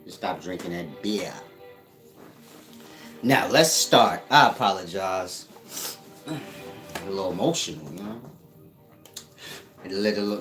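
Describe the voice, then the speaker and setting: A man's voice: on the low side, lively intonation, slow pace, long pauses, a bit bright, soft background music. A man hosting his own channel, talking in a casual, slangy, joking monologue and laughing often. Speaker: channel host.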